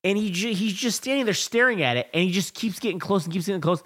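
A fast-talking man with a high voice co-hosts a podcast, retelling film scenes in a casual, profane chat. He's animated and acts out the movie lines himself.

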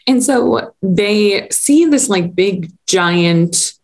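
A woman's voice: mid-range voice, animated, drawn-out words, a little mellow. A woman in her thirties co-hosting a podcast, chatting casually and laughing easily as she recaps a TV episode. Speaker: podcast co-host.

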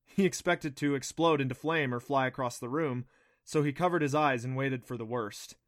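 A man reading an audiobook aloud with a steady storytelling delivery. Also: medium pitch, normal speed. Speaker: audiobook narrator. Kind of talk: scripted audiobook narration.

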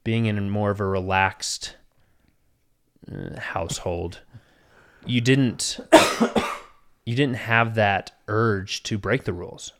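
A man's voice: lowish voice, slow, long pauses. A man in his thirties co-hosting a podcast, telling rambling stories in casual chat and laughing often. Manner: rambling, laughs often, animated when quoting others. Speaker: podcast co-host.

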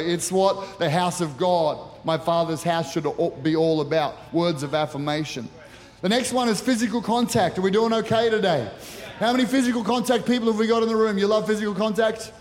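A man's voice: high voice, steady tone, moderate pace, a little hiss or hum. A middle-aged man preaching as a pastor at a church service, earnest and personal with touches of light humor. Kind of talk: sermon. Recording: reverberant church hall.

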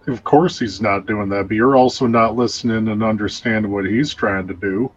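Low-voiced rambling man role-playing. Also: husky, lo-fi sound. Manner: rambling, filler-heavy, colloquial. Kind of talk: in-character role-play in a tabletop game.

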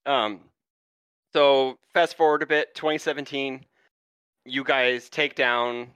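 A man hosting a casual podcast interview, easygoing and full of quick agreeing sounds. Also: medium pitch, fairly even intonation, a bit bright, clean tone, dry recording. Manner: easygoing, many fillers and backchannel "yeah"s. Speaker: podcast host.

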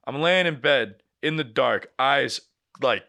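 A man's voice: mid-range voice, takes it slowly, vocal fry. A young man casually telling a story on a podcast, swearing freely and acting out what people said. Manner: animated storyteller, swears a lot, acts out quotes. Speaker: podcast co-host.

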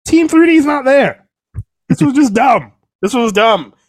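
A young man co-hosting a podcast, recapping wrestling in a profane, exasperated, animated rant. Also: very high-pitched, measured pace. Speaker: podcast co-host. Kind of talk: casual wrestling recap chat.

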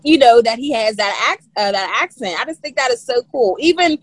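A woman's voice: a little high, lively intonation, a little fast, dry recording. A woman with a Pittsburgh accent, chatting enthusiastically as a co-host. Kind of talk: casual interview chat.

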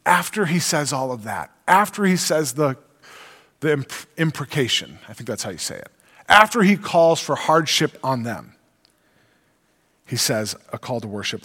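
Earnest preacher in an echoing hall. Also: male voice, mid-range voice, very animated, normal speed, pushed and bright, slightly rough. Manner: earnest, emphatic teaching voice. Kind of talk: sermon with scripture reading. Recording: long reverb of a large hall.

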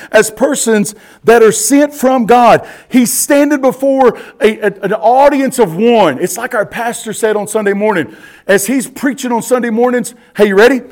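Pastor in his forties, high tenor, lively teaching sermon, keeps checking "you ready?". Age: 40s. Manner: animated, asks the listeners questions and repeats "you ready?". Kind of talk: expository Bible teaching sermon.

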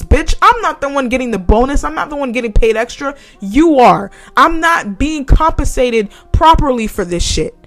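A young woman ranting heatedly and sarcastically in a profane vlog monologue. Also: high-pitched. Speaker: vlogger.

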